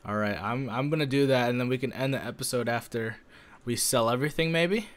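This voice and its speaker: A man chatting casually while playing a game with a friend, teasing and breaking into sudden excited yells. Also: mid-range voice, fairly quick. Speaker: gameplay commentator. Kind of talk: casual let's-play banter.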